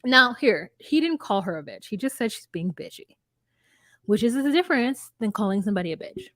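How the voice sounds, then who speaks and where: A woman co-hosting a casual podcast chat, retelling reality-show scenes and acting out both people in quick voices. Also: mid-range voice, very animated, no room sound, clean studio sound.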